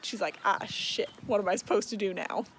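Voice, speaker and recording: A chatty young woman talks through a book plot in a loose, rambling way, full of fillers and casual swearing. Her pitch sits in the middle, and a faint hiss of background noise runs under her voice. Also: fast talker. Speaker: book recap vlogger. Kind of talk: casual book recap, acting out characters.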